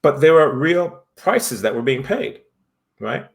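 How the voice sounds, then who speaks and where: A man, speaking in an ordinary middle register. He teaches voice and acting and talks in an emphatic way, often ending his points with a quick "right?". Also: mid-range voice, very animated, creaky. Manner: emphatic, tags statements with "right?". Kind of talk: conversational interview.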